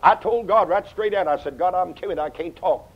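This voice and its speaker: Older preacher, lo-fi sermon. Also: male voice, sits high, brisk, husky. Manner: folksy storytelling, swings from loud to hushed. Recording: dull lo-fi sound.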